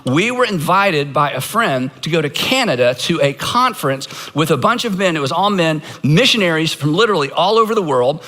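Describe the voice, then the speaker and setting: A man's voice: on the high side, bright, forceful tone. A man from Georgia, a pastor giving a conversational sermon, earnest with self-deprecating asides. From Georgia, United States.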